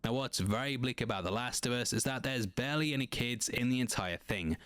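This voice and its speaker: A man giving a scripted, measured narration breaking down a TV episode scene by scene. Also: medium pitch, a bit bright, smooth, no room sound. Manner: measured, analytical.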